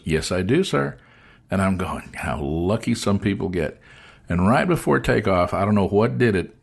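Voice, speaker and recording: A man hosting a casual chat, telling an animated story and acting out the voices of the people in it. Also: low-pitched. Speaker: host.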